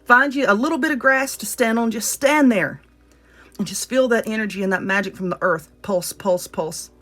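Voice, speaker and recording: A woman's voice: a little high, a little fast, fairly bright tone. Earnest Southern woman reading cards. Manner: earnest, direct, addresses viewer as you. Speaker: tarot reader. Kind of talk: casual spoken card reading.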